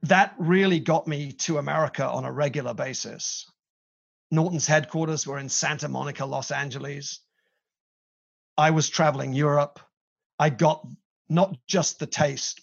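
A man's voice: on the high side, unhurried, creaky, pauses often, slightly rough. A middle-aged British man with a British accent, a company CEO telling his career story in an interview, self-deprecating and chatty. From Britain. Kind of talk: interview conversation. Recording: slightly dull lo-fi sound.

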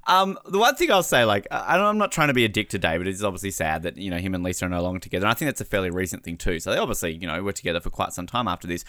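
A fast, animated Australian man chatting on a podcast, his pitch leaping around as he talks. His voice is bright and sits close on a dry mic. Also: no echo. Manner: animated, swears freely, does mimicking impressions. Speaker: podcast co-host. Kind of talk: casual chat.

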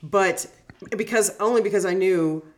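A woman's voice: medium pitch, moderate pace. A middle-aged woman, a negotiation coach, chatting animatedly on a podcast, laughing easily and acting out examples. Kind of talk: casual podcast chat.

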